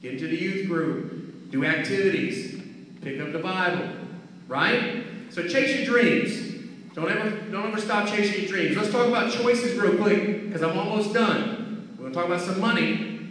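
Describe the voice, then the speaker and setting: A man giving an energetic motivational talk to schoolchildren, repeating key phrases and calling for answers. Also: sits high, moderate pace. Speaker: guest speaker at a school. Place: school hall or gym. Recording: echoey hall picked up from far off.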